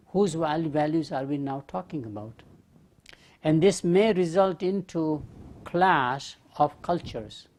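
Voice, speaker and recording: A man giving a university lecture, explaining with everyday examples and rhetorical questions in a measured, emphatic way. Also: fairly high pitch, a little mellow.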